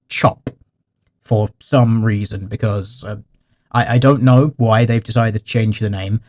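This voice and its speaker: A man holds forth to his livestream chat in a dry, mock-formal, sardonic tone. His voice sits at an ordinary middle pitch. He sounds like a commentator picking apart a clip for his viewers. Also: mellow. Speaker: livestream host.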